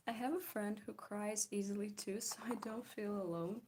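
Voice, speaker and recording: A woman's voice: mid-range voice, fairly even intonation, normal speed, darkish tone, slight background noise. A young woman streaming while she draws, chatting casually with her viewers, giggling often and answering their comments. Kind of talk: casual chat while drawing.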